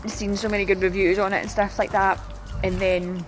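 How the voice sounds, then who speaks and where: A woman's voice: medium pitch, level tone, brisk, soft background music. A young woman, a new mother, chatting candidly and laughing easily. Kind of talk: casual chat.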